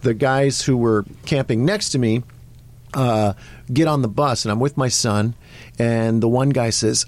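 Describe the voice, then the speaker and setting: A man's voice: mid-range voice, unhurried, darkish tone. A middle-aged man, an actor and comedian, chatting as a guest on a radio interview and telling rambling, jokey anecdotes. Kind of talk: casual radio interview storytelling.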